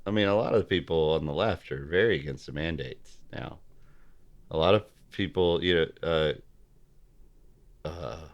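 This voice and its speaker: A man as a podcast guest in casual political chat, halting and often restarting his sentences. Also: rumbling low, lo-fi sound. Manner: halting, repeats and restarts, gropes for names.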